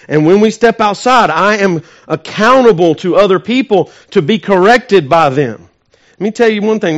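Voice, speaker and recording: Male pastor, high tenor voice, emphatic preaching that swells loud then drops to hushed asides, asks the congregation questions. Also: dull audio. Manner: emphatic preaching, rising to loud peaks and dropping to soft, intimate asides. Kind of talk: sermon.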